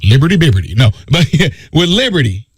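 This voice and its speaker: Animated high-voiced male radio host. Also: fairly quick, breathy edge, dry recording, clean studio sound. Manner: emphatic, preachy, repeats key phrases. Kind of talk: talk radio monologue.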